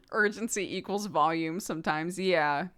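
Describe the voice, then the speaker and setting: A woman's voice: on the low side, measured pace, fairly bright tone. A woman in her thirties, a streamer chatting casually with her viewers, rambling and laughing often. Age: 30s.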